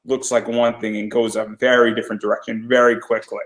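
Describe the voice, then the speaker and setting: A man of middle pitch hosts an interview, asking questions in a relaxed, candid, conversational manner. His voice carries a noticeable room echo. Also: fairly quick. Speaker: interviewer host. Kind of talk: casual interview chat.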